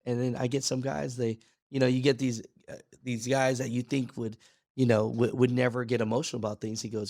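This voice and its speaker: A man talking as a podcast guest in a casual chat, an energetic storyteller who acts out quoted dialogue and restarts his sentences often. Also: medium pitch, brisk, no room sound, clean studio sound. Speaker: podcast guest, trucking video creator.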